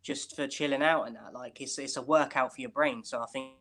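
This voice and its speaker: A man's voice: medium pitch, fairly even intonation, brisk, a bit bright. A British man co-hosting a casual chat over a video call, rambling and asking "do you know what I mean". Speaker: podcast co-host.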